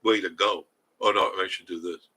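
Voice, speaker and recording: An older man hosting a casual live stream, reading viewer comments and chatting in a rambling way with a husky voice. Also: low-pitched, steady tone, normal speed, pushed and bright, low-quality recording. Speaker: livestream host reading chat.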